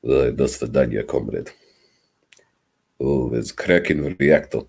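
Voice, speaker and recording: A man putting on a brooding Russian accent, speaking low and muttered in a deadpan way. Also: measured pace, vocal fry, husky, full character voice. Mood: gloomy deadpan. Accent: put-on Russian. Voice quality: low, muttered, held quiet. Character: brooding mock-Russian man, deep and hushed.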